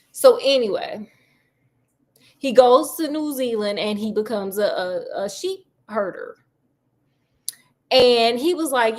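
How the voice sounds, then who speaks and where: A woman's voice: on the high side, darkish tone. Slangy, joking woman storyteller. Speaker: storyteller host. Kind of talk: casual retelling of a classic novel.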